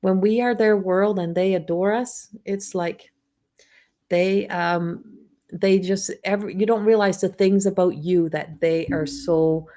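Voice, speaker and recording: A woman's voice: medium pitch, fairly even intonation, a little slow, mellow. A middle-aged woman from Newfoundland with a Newfoundland accent, a psychic medium chatting casually on a livestream with many restarts. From Newfoundland, Canada. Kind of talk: casual rambling livestream talk.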